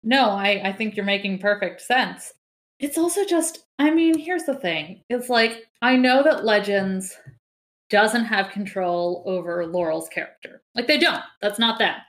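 A woman's voice: mid-range voice, lively intonation, unhurried, fairly bright tone. A woman co-hosting a TV recap podcast, talking things through thoughtfully and hedging with "I mean.". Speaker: podcast co-host. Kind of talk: casual TV recap chat.

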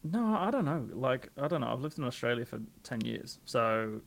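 A man from England chatting as a podcast guest, relaxed and a bit hesitant, often unsure of himself. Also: mid-range voice, normal speed, creaky. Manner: relaxed, hesitant, many "um" and "I don't know". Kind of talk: casual chat.

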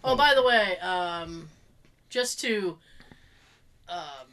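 A woman's voice: lowish voice, lively intonation, drawn-out words, a bit bright. A woman with a Boston accent, chatting as a podcast co-host and acting out quotes as she tells a story, often breaking into laughs. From Boston area. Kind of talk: casual chat.

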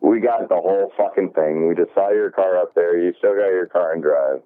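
A man's voice: low voice, brisk. A man casually telling a work story, acting out the dialogue and swearing freely. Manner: animated retelling, acts out dialogue, swears. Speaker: golf shop worker. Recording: dry, tinny phone-like sound.

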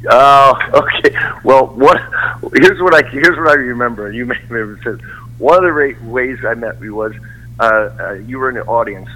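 A man's voice: mid-range voice, moderate pace, sharp tone, rough recording. A middle-aged man, a stand-up comedian, reminiscing in casual chat, laughing easily and restarting his sentences.

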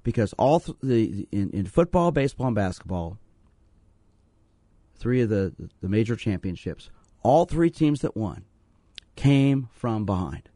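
A man's voice: on the low side, sing-song, unhurried, long pauses, mellow, no echo. A man hosting a call-in radio show as a sports psychologist, talking earnestly and telling stories to encourage listeners to call. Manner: earnest, storytelling, repeats phone number.

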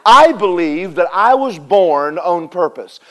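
Male preacher, high pitch, animated sermon delivery with call-and-response. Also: slow pace. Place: church service with congregation responding.

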